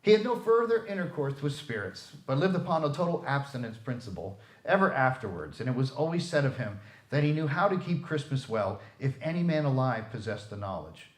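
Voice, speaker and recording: Guy reading a story out loud, super expressive, lively voice, echoey room. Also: medium pitch, brisk. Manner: expressive, theatrical. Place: library room.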